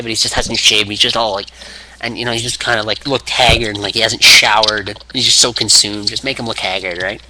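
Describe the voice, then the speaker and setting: A man's voice: fairly low pitch, sharp tone, slight background noise, rough recording. A man rambling casually through a story, with lots of fillers and asides. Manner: rambling, laughing, full of fillers. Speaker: video blogger.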